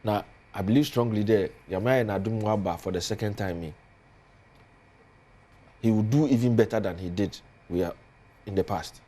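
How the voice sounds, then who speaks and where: A man's voice: lowish voice, normal speed, pauses often, warm tone. A man with a Ghanaian accent, a politician guest on a studio talk show, speaking earnestly and building emphasis as he lists points.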